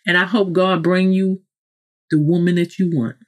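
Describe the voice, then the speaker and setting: A woman's voice: lowish voice, fairly even intonation, normal speed. Preachy woman podcast host, direct. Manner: preachy, direct, talks straight to the listener; frequent self-corrections and asides. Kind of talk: motivational podcast monologue.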